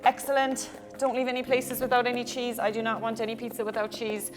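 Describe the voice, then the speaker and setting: Bright high-voiced Irish woman teaching kids yoga. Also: completely flat delivery, fast talker, music in the background. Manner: playful, encouraging, talks to the kids at home. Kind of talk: guided children's yoga class.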